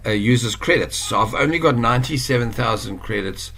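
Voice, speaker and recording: A man's voice: mid-range voice, expressive, a little fast, noisy background. A South African man giving a casual screen-share tutorial, chatty and rambling, correcting himself as he goes. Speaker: online course instructor.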